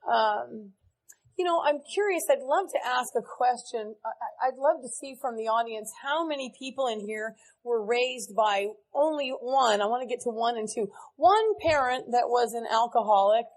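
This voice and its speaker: A woman's voice: a little high, normal speed, rough recording. A woman giving a candid, earnest recovery talk to a large meeting audience. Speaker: AA speaker. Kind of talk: recovery speech to a live audience.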